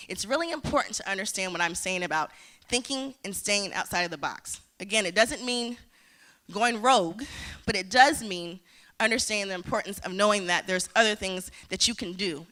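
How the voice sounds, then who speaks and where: A woman's voice: medium pitch, pushed and bright. A woman, giving a motivational conference talk and telling her story with acted-out dialogue. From United States. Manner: storytelling, acting out quoted dialogue. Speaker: conference speaker.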